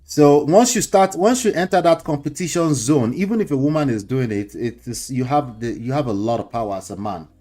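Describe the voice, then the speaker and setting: A man's voice: mid-range voice, lively intonation, fairly quick, few pauses, mellow, soft background music. A man with a Nigerian accent hosting a casual commentary show, lecturing his viewers, repeating his points and dropping in pidgin words. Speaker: host.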